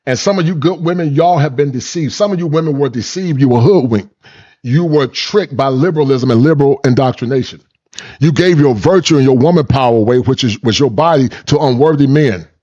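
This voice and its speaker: A man's voice: medium pitch, brisk, dark tone. Middle-aged male commentator, preachy, repetitive, slightly muffled recording. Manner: preachy, repetitive, laughs at own points, folksy slang. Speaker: channel host and commentator. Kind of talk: reaction commentary.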